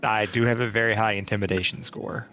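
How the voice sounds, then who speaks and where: A man playing a tabletop game, chatting casually, joking and thinking out loud. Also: fairly low pitch, fairly even intonation, fast, faint music behind. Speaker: player.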